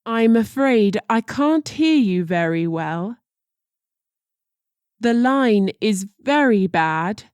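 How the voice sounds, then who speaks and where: Slow, careful woman reading phrases. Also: medium pitch, animated, a little mellow, clear, resonant tone, no echo, clean studio sound. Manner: slow and deliberate, careful pronunciation. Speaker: language teacher.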